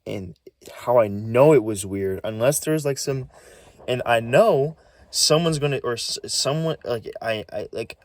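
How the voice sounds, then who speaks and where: A man's voice: mid-range voice, unhurried, dry recording. A man vlogging about a strange experience, talking nervously and stammering, restarting words, his voice swinging up and down. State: nervous and shaky. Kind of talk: rambling casual vlog.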